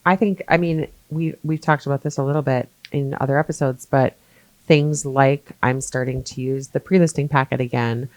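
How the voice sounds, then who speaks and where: A woman real estate agent co-hosting a podcast, speaking in a reflective, measured way. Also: a bass voice, steady tone, a little mellow, dry recording. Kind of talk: casual podcast chat.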